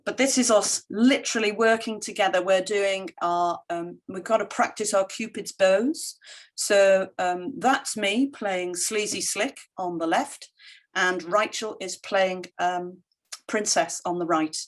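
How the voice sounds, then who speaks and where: A middle-aged woman giving a conference keynote with slides, telling stories in an animated way and quoting others in lively voices. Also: mid-range voice, unhurried. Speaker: keynote speaker.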